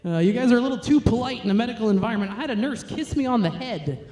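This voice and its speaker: A woman's voice: on the high side, animated, racing, warm tone, reverberant, slight background noise. A young woman from New York, a stand-up comedian, telling crude, self-mocking jokes.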